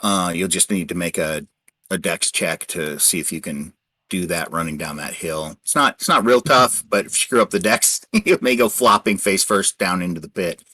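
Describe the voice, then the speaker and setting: Low-voiced man running a tabletop game. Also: normal speed, pushed and bright. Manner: explains rules patiently with many restarts. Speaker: game master.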